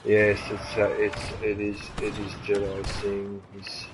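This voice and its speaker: A man with an Australian accent chatting casually and excitably while streaming a game, rambling and swearing now and then. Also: on the low side, measured pace, background noise. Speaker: gaming streamer.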